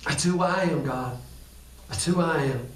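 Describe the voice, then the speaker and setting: A man voicing a humbled old man who confesses his scheming in a low, hushed whisper. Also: fairly even intonation, normal speed. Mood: confessing. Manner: broken, confessional. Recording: echoey room, distant mic.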